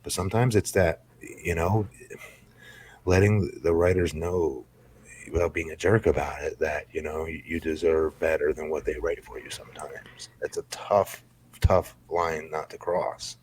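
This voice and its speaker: A man's voice: very deep voice, steady tone, a little slow, a little mellow, slight background noise. A man talking as a guest on a podcast, a laid-back storyteller who draws out his phrases. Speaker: podcast guest, former wrestler. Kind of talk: casual podcast chat.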